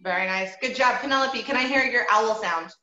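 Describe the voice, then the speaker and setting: On echoey, dull, lo-fi call audio, a woman with a highish, fairly quick, bright and forceful voice teaches an online group voice lesson. She is encouraging and demonstrative, modeling owl hoots and bird sounds as she explains to the students.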